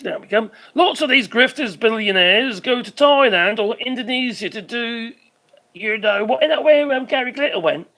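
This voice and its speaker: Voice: medium pitch, lively intonation, normal speed, a bit bright. Exasperated streamer, swearing freely. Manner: swears freely, exasperated, trails off searching for names. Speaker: live stream host. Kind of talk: rambling live commentary.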